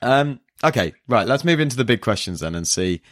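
A man's voice: medium pitch, very animated, a little fast, a bit bright, dry recording, clean studio sound. A man co-hosting a podcast in casual chat, rambling with many fillers and restarts. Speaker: podcast co-host.

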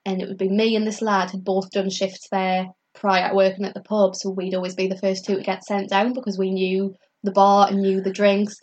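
A young woman spins a story in relaxed conversation. Her speech is loose and chatty, packed with "like" fillers, and she slips into the voices of the people she quotes. Her pitch sits in the middle of the range for a woman. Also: fairly quick, hardly any pauses, lo-fi sound. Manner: laughs often mid-story. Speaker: comedian guest telling stories. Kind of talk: casual chat, storytelling.

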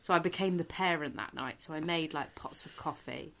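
Her voice is low-pitched and creaky, and she talks briskly: a middle-aged comedian guest recounting a comic anecdote during a podcast chat. She's animated and laughs through the whole story.

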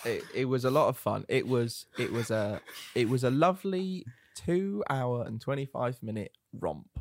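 A man's voice: mid-range voice, animated, normal speed, no room sound. A man co-hosting a film podcast, making wry, dry quips in casual chat. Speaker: podcast co-host. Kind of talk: casual chat about films.

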